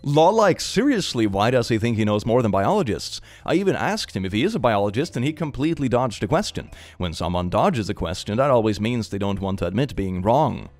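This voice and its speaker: A man's voice: on the low side, very animated, normal speed, darkish tone. Sarcastic man doing meme commentary. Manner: sarcastic, mocking, laughing often. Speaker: channel host. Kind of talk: comedic reaction commentary reading memes.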